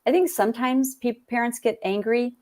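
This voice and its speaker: A woman's voice: a little high, steady tone, moderate pace, darkish tone. Reflective woman author in conversation. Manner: reflective, repeats phrases for emphasis. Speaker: author and interview guest. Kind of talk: conversational interview.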